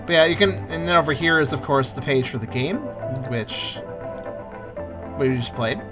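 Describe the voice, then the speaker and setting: A man's voice: fairly high pitch, normal speed, over music. A man hosting a gaming channel, reading a game's translated page aloud in casual commentary with playful, amused asides and frequent laughter.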